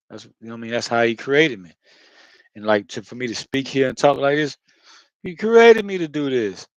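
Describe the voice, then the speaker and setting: A man's voice: medium pitch, dry recording, poor audio. A man talking in a loose, rambling monologue, swearing often and circling back with lots of filler phrases. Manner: repeats himself, circles back. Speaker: spiritual video host.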